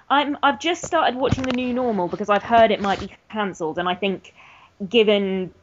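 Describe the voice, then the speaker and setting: A woman's voice: medium pitch, normal speed, a little hiss or hum. A woman co-hosts a podcast in casual chat, articulate but hesitant and full of "um"s. Her voice sits in a middle range, and the lo-fi recording sounds dull. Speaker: podcast co-host.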